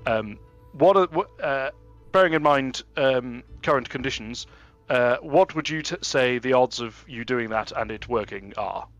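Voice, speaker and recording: A man's voice: medium pitch, expressive, measured pace, a bit bright, no room sound, muffled recording, faint music behind. A man playing an exasperated male adventurer who talks with dry sarcasm and many hesitations. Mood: sarcastic. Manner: hesitant, full of fillers, sardonic.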